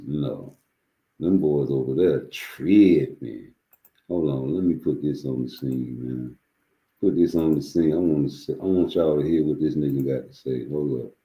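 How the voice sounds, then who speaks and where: A man's voice: rumbling low, measured pace, muffled recording. A man hosting a livestream, telling a story in loose, profane, rambling street talk. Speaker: livestream host.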